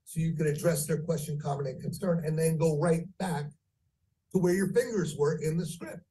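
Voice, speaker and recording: A man teaching phone sales, speaking deliberately and varying pitch and pace for effect. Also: dark tone, recorded from a distance, poor audio. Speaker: sales trainer. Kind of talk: training lecture.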